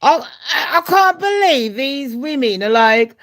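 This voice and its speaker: A woman's voice: sits high, very animated, slow, a bit bright. A woman, hosting her channel and gossiping in a loose, profane way, often laughing at her own jokes. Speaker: channel host. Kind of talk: casual gossip chat.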